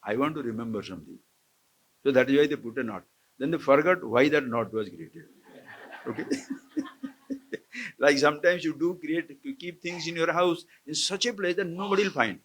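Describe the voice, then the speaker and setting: A man's voice: a little high, moderate pace, a bit bright. A man, a swami giving a live spiritual discourse to a camp audience, questioning his listeners and chuckling often. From India. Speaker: swami teaching scripture. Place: lecture hall at an ashram camp.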